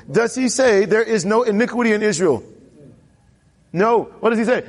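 A man preaching a sermon as pastor, telling a Bible story with animated character voices and questioning the congregation. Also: fairly quick. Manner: animated storytelling, voicing characters with pitch jumps.

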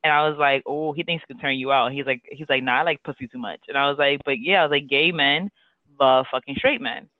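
A man's voice: mid-range voice, quick pace, no echo. A man co-hosting a podcast, rambling through a story, laughing and acting out what people said. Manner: rambling, laughing, acts out quotes. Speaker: podcast co-host. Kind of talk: casual storytelling chat. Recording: dry tinny phone-like line.

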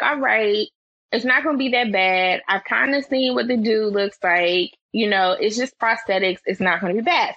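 A woman telling a story as a podcast guest, animated and expressive, her voice climbing higher when she gets excited. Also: breathy edge, no room sound, muffled recording. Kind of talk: animated storytelling in casual chat.

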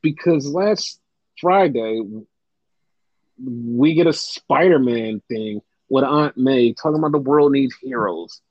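A young man co-hosts a casual wrestling podcast, talking animatedly, swearing often, and mimicking fans in exaggerated voices. His mid-range voice moves slowly, captured dry on a slightly dull podcast mic.

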